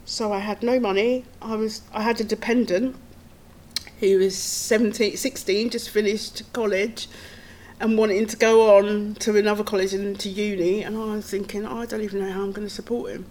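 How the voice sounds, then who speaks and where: A woman's voice: mid-range voice, level tone, moderate pace, a little mellow. A middle-aged woman, a podcast guest telling her own story in an earnest, tumbling way, with nervous laughs. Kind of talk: personal storytelling.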